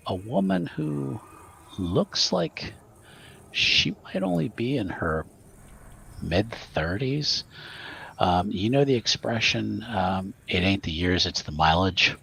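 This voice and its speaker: A man narrating as game master of a tabletop horror game, halting with many fillers and restarts. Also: deep voice, vocal fry, a bit bright, slight background noise.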